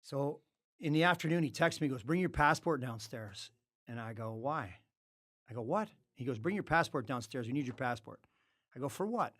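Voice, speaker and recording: A middle-aged man, a former hockey player, telling stories as a podcast guest in a studio. He swears freely and breaks into loud outbursts. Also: mid-range voice, normal speed, no echo. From Canada. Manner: animated, profane storyteller with loud outbursts. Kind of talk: casual storytelling.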